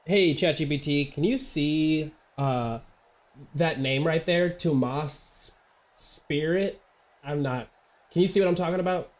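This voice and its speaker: Late at night at his home gaming setup, a young man chats and laughs on a sim racing stream, often stumbling and restarting. He speaks with a fairly high pitch, a little slowly.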